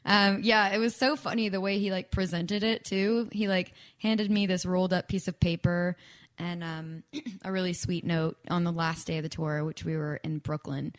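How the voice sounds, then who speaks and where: Chatty young woman, lowish voice. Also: fairly even intonation, normal speed. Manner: chatty, frequent fillers and laughs, acts out quoted speech. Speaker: guest songwriter. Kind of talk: casual chat.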